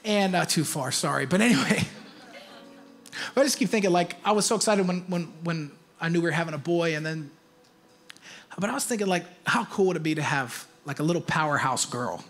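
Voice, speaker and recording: A man in his thirties, a pastor, preaching a sermon in a church, chatty and animated and rising to shouted exhortation. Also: fairly high pitch, a little fast. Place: church auditorium.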